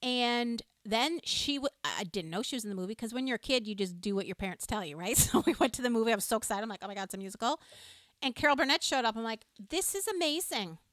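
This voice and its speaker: A woman's voice: a little high, animated, fast, hardly any pauses, fairly bright tone, dry recording, clean studio sound. A woman co-hosting a live music show, chatting with viewers and telling enthusiastic, laughing stories. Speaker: livestream music show co-host. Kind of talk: casual chat with live viewers.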